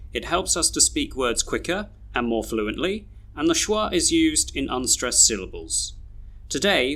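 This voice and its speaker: A man narrating a pronunciation lesson as teacher, speaking deliberately and repeating example sentences. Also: mid-range voice, sharp tone. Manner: slow, deliberate, reads example sentences twice.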